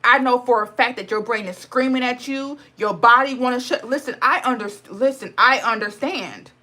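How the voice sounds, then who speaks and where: A woman speaks in a Black dialect, high-pitched and bright. She talks bluntly and swears freely in a spiritual vlog. Her voice sounds close to tears. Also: moderate pace. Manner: mocks others in high sarcastic voice. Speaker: spiritual vlogger. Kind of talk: impassioned casual monologue.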